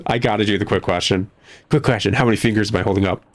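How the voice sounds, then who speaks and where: A man's voice: fairly low pitch, rapid-fire. A man casually commenting and laughing as he plays through a game, reading its text aloud. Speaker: let's play streamer. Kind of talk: casual let's play commentary.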